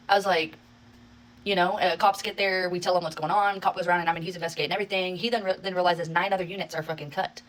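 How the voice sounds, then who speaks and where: A woman telling a story to her phone in a casual vlog, in a rapid, exasperated retelling full of swearing. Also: fairly low pitch, fairly even intonation, rough recording. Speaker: social media creator.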